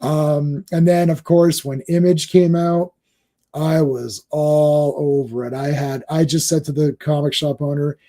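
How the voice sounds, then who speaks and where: Mellow rambling male guest. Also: fairly high pitch, fairly even intonation, measured pace. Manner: rambling, with many restarts and fillers. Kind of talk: casual chat.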